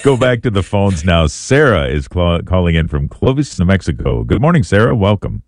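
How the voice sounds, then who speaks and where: A man hosting a call-in radio show, relaxed and jovial as he takes the next caller. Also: low voice, normal speed, dry recording, clean studio sound.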